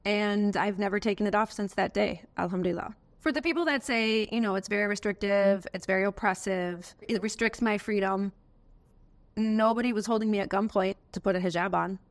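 American woman, interviewee, earnest and heartfelt, lively storyteller, mid pitch. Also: brisk. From United States. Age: adult, has a daughter. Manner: earnest, emotional, animated storytelling. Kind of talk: personal testimony interview.

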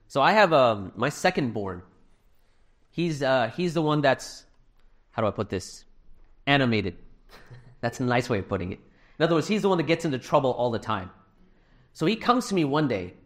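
A middle-aged man preaches a fundraising sermon to a gathered audience in a hall. He speaks earnestly and conversationally, mixing personal stories with gentle self-deprecating humor, at a mid-range pitch. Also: very animated, normal speed, pauses often.

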